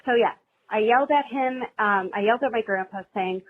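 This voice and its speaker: A woman's voice: mid-range voice, lively intonation, fast talker, a little hiss or hum. A woman caller leaving a rambling, nervous voicemail on a podcast hotline, telling a personal story. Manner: rambling, nervous, self-deprecating. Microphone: phone. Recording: tinny phone line.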